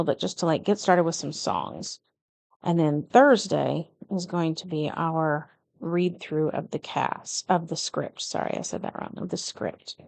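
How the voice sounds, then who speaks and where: In this plan-with-me vlog, a middle-aged planner vlogger narrates casually in a lowish, gravelly, darkish voice, slightly nervous and frequently correcting herself. There's no echo.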